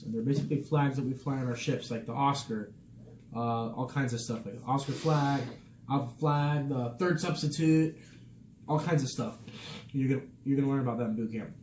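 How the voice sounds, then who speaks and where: A young man hosts his vlog in a casual, chatty way, easygoing at first and then lively and animated. His voice sits at an ordinary pitch and bounces around an echoey room. Steady background noise runs underneath. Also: brisk. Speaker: vlog host, Navy sailor. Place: military barracks room.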